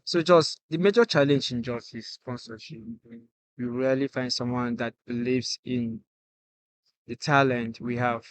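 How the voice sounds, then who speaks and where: A man's voice: medium pitch, measured pace, no room sound. A Nigerian man talking as the guest musician on a casual podcast, earnest and saying "you get" again and again.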